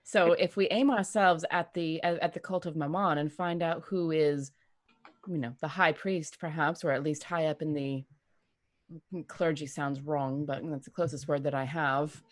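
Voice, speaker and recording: A woman's voice: low voice, fairly even intonation, moderate pace. A woman playing in a tabletop game, thinking aloud with stammered restarts. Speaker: player. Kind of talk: tabletop role-play chat.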